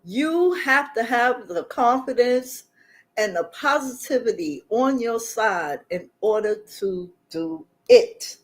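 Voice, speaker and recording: A woman's voice: fairly high pitch, animated, takes it slowly. Giggly woman hosting a live chat. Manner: laughs often, reads viewer chat aloud. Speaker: livestream host.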